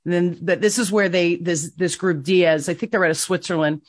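Woman podcast host, lowish voice, dry close sound, chatty and eager. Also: steady tone, normal speed, dry recording. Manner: chatty, enthusiastic, many restarts. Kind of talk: casual interview chat.

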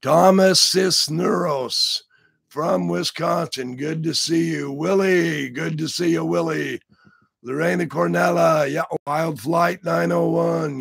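A hoarse man with a rough, raspy voice hosting a casual live stream, joking around and greeting his viewers by name. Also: a little high, fairly even intonation, slow pace, fairly bright tone, dry recording, clean studio sound. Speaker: livestream host.

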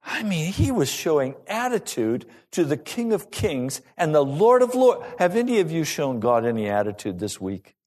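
A male pastor preaching a sermon to his congregation in an animated, rising and falling delivery. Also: fairly high pitch, moderate pace, hardly any pauses.

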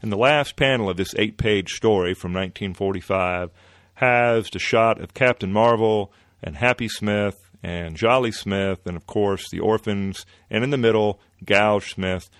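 A man hosting a podcast, retelling an old comic-book story in a relaxed way with many fillers. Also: lowish voice, no echo, clean studio sound. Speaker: podcast host.

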